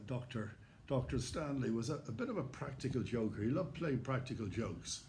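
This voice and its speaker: An older Irish man, hoarse, telling a personal anecdote in a lively way and acting out the voices he quotes. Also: medium pitch, a little hiss or hum. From Ireland. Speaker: storyteller. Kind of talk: personal anecdote told to camera.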